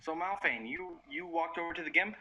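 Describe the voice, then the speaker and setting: A man running an online tabletop game as game master, his voice very bright and ringing. He sets the scene with crude, joking descriptions, pitched a touch higher than most men. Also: fairly quick, slight background noise, low-quality recording.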